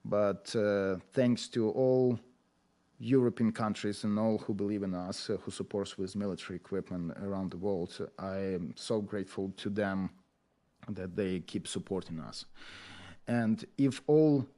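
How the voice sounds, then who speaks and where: Earnest Ukrainian-accented man, halting speech. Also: lowish voice, steady tone, dark tone. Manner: earnest, halting, frequent "uh" fillers. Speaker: podcast guest, agriculture educator. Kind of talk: emotional interview talk.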